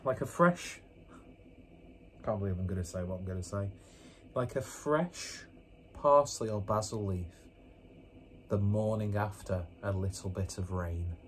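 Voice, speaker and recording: Low-voiced man rambling through a review. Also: measured pace, pauses often, slight background noise. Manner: rambling, with joking self-mocking asides. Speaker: beer reviewer. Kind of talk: casual beer review vlog. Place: indoors at home with a fan running.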